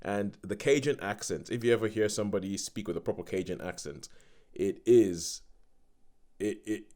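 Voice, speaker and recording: A man's voice: lowish voice, normal speed, warm tone. A man hosting a podcast, chatting casually about films with a rambling manner and frequent restarts. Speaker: podcast host. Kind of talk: casual film chat.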